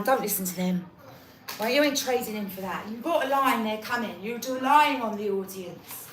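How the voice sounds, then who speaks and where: A woman's voice: medium pitch, moderate pace, a little hiss or hum. A woman in a rambling, restless monologue, swearing and jumping from topic to topic. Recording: echoey room from far off.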